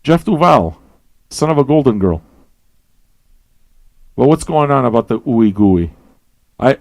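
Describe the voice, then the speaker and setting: A man hosting a radio show, rambling and swearing as he questions everything aloud, tired and high. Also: sing-song, measured pace, gravelly, pauses often, darkish tone, no room sound. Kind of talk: casual rambling talk to listeners.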